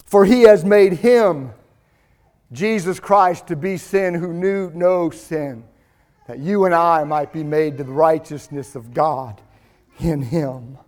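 A man preaching a sermon, slow and emphatic, pausing often and rising to shouts. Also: fairly high pitch.

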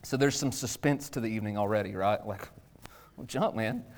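A man, likely in his thirties, preaching a conversational sermon in a casual, animated way with sudden jumps in pitch. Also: brisk. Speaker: pastor.

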